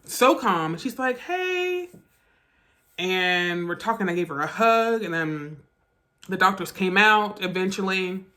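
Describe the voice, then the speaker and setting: Woman vlogger, bright voice, halting and emotional storytime delivery. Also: fairly low pitch. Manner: emotional, halting retelling with restarts. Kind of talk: storytime vlog.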